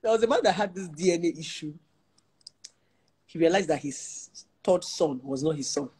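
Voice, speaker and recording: A woman's voice: on the low side, expressive, moderate pace, a little mellow, husky. A young Nigerian woman, a relationship therapist, telling stories in casual talk, laughing often and slipping into pidgin.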